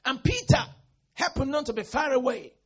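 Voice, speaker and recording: A man preaching a sermon as a pastor, with a raspy, husky voice and dramatic swings from hushed tones to shouting. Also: very high-pitched, animated, normal speed.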